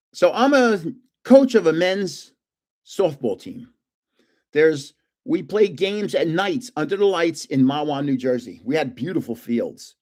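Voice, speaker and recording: A man's voice: medium pitch, a little mellow. An older man hosting a live stream, chatting casually and rambling from one story to the next with frequent chuckles. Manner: rambling, jumps between stories, chuckles often.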